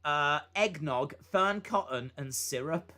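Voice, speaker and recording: A man hosts a live reaction stream and talks in a casual, rambling way. His voice sits a little high and swings widely in pitch. He drifts between asides and quick calls of the action. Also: expressive, sharp tone. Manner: rambling, chatty, with lots of fillers and asides.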